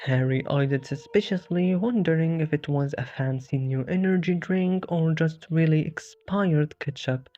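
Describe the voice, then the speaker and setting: Comedy narrator, dry and jokey, mid pitch, lo-fi recording. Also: normal speed, few pauses, mellow. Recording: dull lo-fi with faint music.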